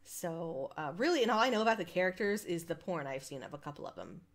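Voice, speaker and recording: Streaming a visual novel, a young woman chats casually and reads the on-screen text aloud, rambling and laughing at herself. Her voice is fairly low in pitch, expressive and fast.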